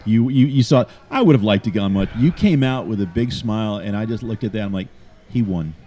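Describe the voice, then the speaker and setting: Male host, casual interview; enthusiastic, quotes people in put-on voices, mellow tone. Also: fairly low pitch, animated, fast. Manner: enthusiastic, acts out quotes, restarts a lot.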